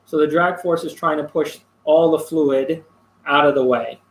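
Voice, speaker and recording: A man teaching a physics lesson, explaining a worked problem step by step with pauses and fillers. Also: a little high, fairly even intonation, roomy sound, low-quality recording. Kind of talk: classroom lecture working through a problem.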